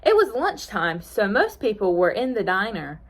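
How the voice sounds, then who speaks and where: A woman librarian reading a picture book aloud at storytime, expressive, with playful asides to the children listening. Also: medium pitch, moderate pace.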